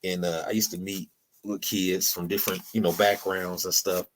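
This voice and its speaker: A man's voice: moderate pace, slight background noise. A man hosting a podcast, chatting casually and animatedly, with frequent laughs. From Illinois, US. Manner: animated, acts out quotes in a higher voice, laughs often. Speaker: podcast host.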